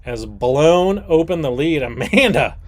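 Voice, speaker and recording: Jokey male quiz host in his forties with a lively, bouncing delivery. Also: fairly high pitch, measured pace. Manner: jokey, rambling asides, animated. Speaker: trivia game host. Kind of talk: livestreamed trivia hosting.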